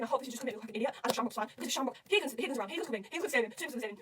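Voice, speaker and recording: A woman's voice: on the high side, very fast, far from the mic, slight background noise, rough recording. A woman gushing and swearing as she rambles through the plot of a comic she is reading, in a casual reaction vlog. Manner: excitable, gushing, swears constantly. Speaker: manga reader reacting.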